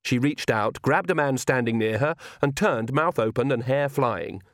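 A man narrating an audiobook with expressive, lively storytelling. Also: mid-range voice, moderate pace, dry recording, clean studio sound. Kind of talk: scripted narration.

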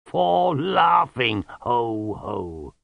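A huge, calm yeti from a storybook rumbles along in slow, loud, drawn-out phrases, as a man narrator puts him on. The delivery is unhurried and amiable. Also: creaky, dry recording, highs cut off, exaggerated voice. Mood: placid. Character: large gentle male yeti, calm and amiable.

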